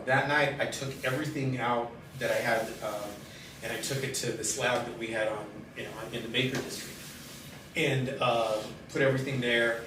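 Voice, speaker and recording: A middle-aged man with a mid-range voice tells his own life story in conversation, halting and candid, with many pauses and fillers. The room is very echoey, the mic is distant, and there's steady background noise.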